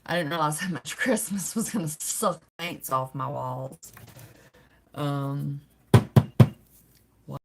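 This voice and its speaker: Woman, middle-aged, livestream host, chatty, laughs a lot, slow pace. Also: low voice, creaky, a bit bright, a little hiss or hum. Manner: chatty, greets viewers by name, laughs often. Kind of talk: casual livestream chat with viewers.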